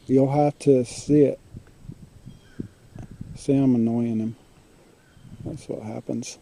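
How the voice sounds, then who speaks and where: A man, rambling in halting bits as he talks to a hurt animal on the road. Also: mid-range voice, fairly even intonation, vocal fry, dark tone, slight background noise. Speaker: passerby filming a hurt raccoon. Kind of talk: casual filmed talk.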